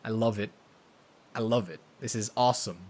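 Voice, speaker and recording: A man's voice: fairly low pitch, noisy background. Chatty man commenting on a game. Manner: chatty, joking, with quick asides. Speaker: gaming YouTuber. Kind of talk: let's play commentary.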